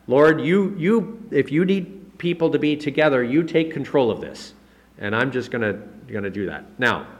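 Male pastor, conversational sermon, mid-pitched voice, casual asides, lifts his voice for emphasis. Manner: relaxed, chatty preaching with frequent self-corrections; rises in pitch and volume to stress key points.

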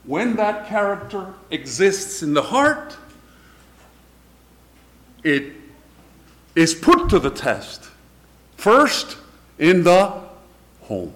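A man's voice: on the high side, fairly bright tone. A man preaching a sermon, building emphasis word by word and then dropping to a near whisper, with the odd chuckle between points.

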